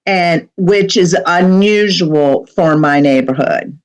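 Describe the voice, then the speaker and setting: A woman's voice: fairly low pitch, slow pace, rough recording. A middle-aged woman, a medium, telling a personal story as a podcast guest in a chatty way, with many fillers and asides.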